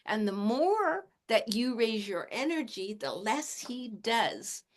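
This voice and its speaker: A woman in her late sixties, a shamanic teacher, talking in a gentle, casual teaching manner and chuckling often. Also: on the high side, sing-song, slow. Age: 60s. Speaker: shamanic teacher and animal communicator.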